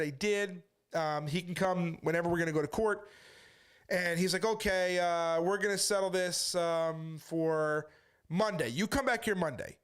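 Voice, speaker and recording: Defensive high-voiced male street preacher. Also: fairly bright tone, smooth. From United States. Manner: defensive, storytelling, acts out quoted voices. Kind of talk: casual monologue to camera.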